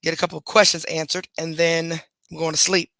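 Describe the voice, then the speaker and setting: A woman's voice: low-pitched, flat delivery, a little fast, gravelly, fairly bright tone, no echo, clean studio sound. A woman hosting a casual livestream, scolding her dogs and chatting to her viewers. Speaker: livestream host.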